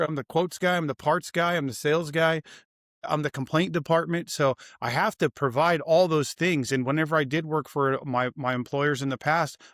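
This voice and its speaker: A man's voice: on the high side, a bit bright, dry recording, clean studio sound. A man hosting a podcast in casual chat, laid-back and cursing freely. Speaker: podcast host.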